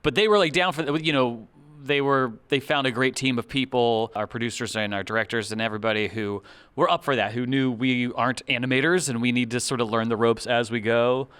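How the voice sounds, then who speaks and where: Clear-voiced man, relaxed and rambling. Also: medium pitch, a little fast. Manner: relaxed, rambling explanations with fillers. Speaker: show co-creator and writer. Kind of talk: casual interview chat. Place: studio at a convention.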